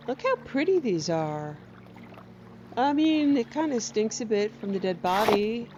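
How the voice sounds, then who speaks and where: Speaking in a mid-range, sing-song voice that's a little mellow, she talks slowly with long pauses. This gameplay streamer keeps things jokey and casual, baby-talking to her companion, teasing, and poking fun at herself. The recording is muffled, with a bit of background noise.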